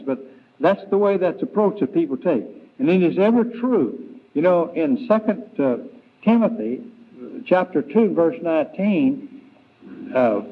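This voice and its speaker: A man preaching an evening Bible lesson, slow and deliberate, with frequent fillers and restarts. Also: a little high, breathy edge. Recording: tinny, phone-like 1990s church tape.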